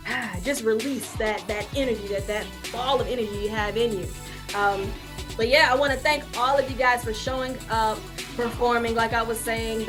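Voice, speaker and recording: A woman acting coach wrapping up an online class in a chatty, upbeat way, repeating her words and laughing easily, on a video call. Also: fairly high pitch. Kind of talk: casual encouraging wrap-up talk. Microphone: video call microphone.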